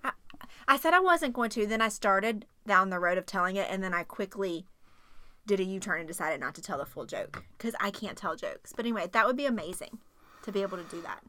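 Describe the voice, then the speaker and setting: Woman, 40s, bright tense voice, rambling casual chat, dry sound. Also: mid-range voice, animated, a little fast, no echo. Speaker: wife in a casual couple's chat.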